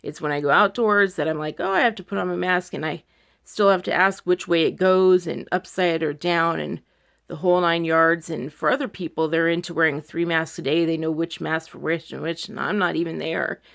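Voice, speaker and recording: A woman's voice: sits low, steady tone, moderate pace, gravelly, fairly bright tone. A woman talking to her followers in a personal video diary, anxious and close to tears, rambling with many fillers. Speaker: vlogger. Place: indoors at home.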